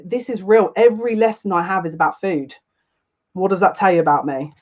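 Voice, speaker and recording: A woman's voice: fairly low pitch, darkish tone, muffled recording. A woman giving a casual live psychic reading to viewers, chatty and rambling, often breaking into laughter. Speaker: psychic reader.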